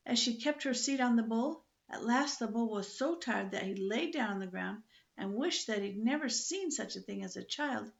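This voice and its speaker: An older woman reading a children's book aloud in a lively, expressive storytelling manner. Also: on the high side, normal speed, creaky, lo-fi sound.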